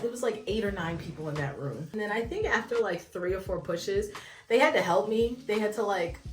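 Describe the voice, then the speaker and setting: A young woman vlogger telling a story casually and animatedly, with many fillers. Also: lowish voice. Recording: echoey room, distant from mic, faint music.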